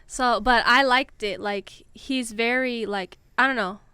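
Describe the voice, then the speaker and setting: Bright, crisp woman in casual chat. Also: fairly high pitch, unhurried, dry recording. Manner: chatty, trails off with fillers. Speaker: podcast co-host.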